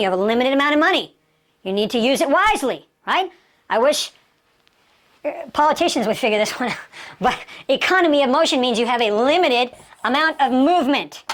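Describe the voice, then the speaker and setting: A woman giving a motivational martial arts lecture, emphatic, asking rhetorical questions and repeating key phrases. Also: high voice.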